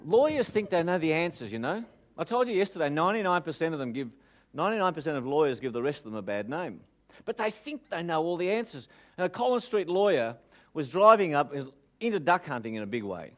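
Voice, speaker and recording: A man with an Australian accent giving a motivational talk, telling jokes lively and asking the audience questions. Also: on the high side, fast. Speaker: motivational speaker.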